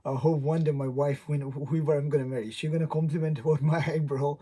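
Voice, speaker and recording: Rambling through a casual livestream, a young host with a non-native English accent laughs a lot and says hello to viewers. He speaks a little fast in a slightly high, warm voice with a steady tone.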